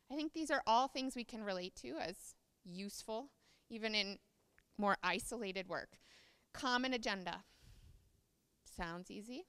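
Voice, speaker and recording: A woman's voice: medium pitch, fairly bright tone, clean tone, big-room sound. A woman giving a conference presentation, explaining ideas and reading passages aloud from notes on a podium microphone.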